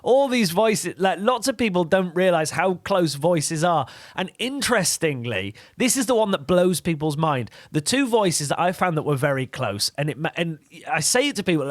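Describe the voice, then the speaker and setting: A man's voice: a little high, normal speed, no room sound, studio quality. A man on a radio talk show, chatting about doing impressions and switching voices often. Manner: animated, jumps between voices. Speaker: impressionist comedian guest. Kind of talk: casual radio interview chat.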